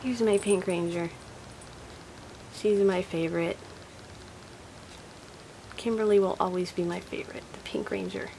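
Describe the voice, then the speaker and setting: A woman's voice: mid-range voice, fairly even intonation, measured pace, gravelly, pauses often, mellow. A woman chatting casually and nostalgically while showing off her old toy collection at home. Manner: chatty and nostalgic, thinking aloud. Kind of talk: casual show-and-tell. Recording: noisy home recording.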